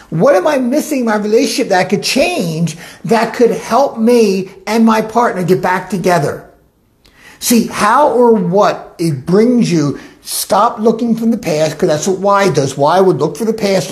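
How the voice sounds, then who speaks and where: A life coach giving a motivational talk, animated and acting out the inner voices of listeners. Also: mid-range voice.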